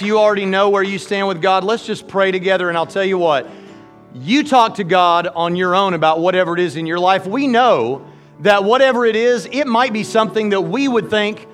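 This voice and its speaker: A man preaching an altar call, folksy and joking, with an animated, lively delivery. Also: sits high. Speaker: pastor.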